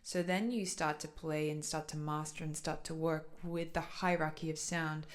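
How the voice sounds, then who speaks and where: A woman's voice: deep voice, fairly even intonation, normal speed. A young adult woman talking casually about her spiritual practice, earnest and flowing, with many "like"s and "so"s. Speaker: light language channeler. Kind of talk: casual personal talk.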